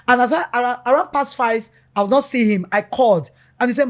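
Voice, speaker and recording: A middle-aged woman talks as a guest in a relaxed interview. Her voice sits fairly high. She speaks with animation and keeps slipping into little acted-out exchanges with her children. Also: brisk, hardly any pauses. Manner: animated, acts out family dialogue in quotes. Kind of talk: conversational interview.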